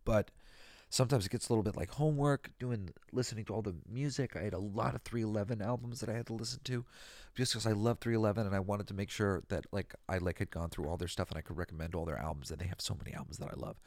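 A man's voice: fairly low pitch, fast, a little mellow, no echo. A tired, emotional man hosting a casual solo talk, rambling and close to tears. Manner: emotional, rambling, sings snatches of songs. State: tired and teary. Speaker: host. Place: California.

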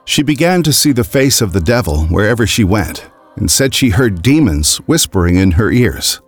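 A man narrating a scripted story in a grave, measured way. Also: lowish voice, sing-song, slightly rough, no echo, faint music behind.

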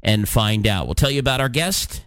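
A man's voice: mid-range voice, lively intonation, normal speed, fairly bright tone, smooth, dry recording. Guy hosting a talk show, sarcastic news rundown, lotsa uhs, dry close mic. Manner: sarcastic, plain-spoken, with fillers. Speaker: podcast host.

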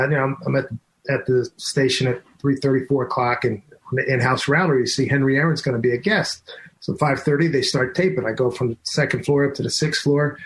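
An older male radio host recounts a story with growing excitement. His voice sits in a middle pitch range and stays conversational. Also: poor audio. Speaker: radio talk show host.

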